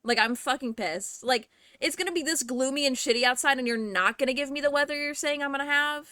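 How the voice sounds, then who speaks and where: A woman's voice: sits high, quick pace, pushed and bright, dry recording, studio quality. A young woman hosting a livestream at home, chatting and ranting casually with frequent swearing, a little out of breath. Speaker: livestream host. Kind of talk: casual chat to viewers.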